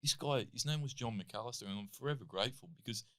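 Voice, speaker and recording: A man's voice: mid-range voice, fast talker. An Australian man in his thirties telling stories as a guest in a casual interview, peppering his talk with "like". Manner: animated, lots of "like" and "I'm like". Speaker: guest, athlete and comedian.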